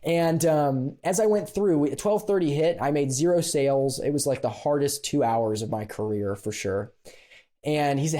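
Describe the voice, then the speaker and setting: A man guest on a podcast, telling a personal story in a casual, animated way with frequent laughs and fillers. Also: fairly high pitch, moderate pace.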